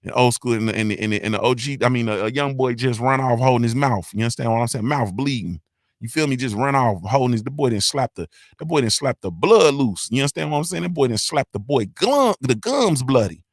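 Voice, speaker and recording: Lauter Moderator mit Singsang-Ansagen. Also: male voice, mid-range voice, animated, fairly quick, no echo, studio quality. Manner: loud, hyped, sing-song roll call with slang. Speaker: host. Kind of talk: casual livestream shout-outs.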